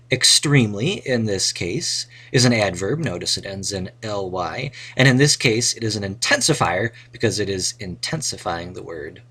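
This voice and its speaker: A man's voice: on the low side, lively intonation, normal speed, bright, forceful tone, husky. A man teaching a grammar lesson, reading example sentences with playful, dramatic flair. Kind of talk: recorded grammar lesson narration.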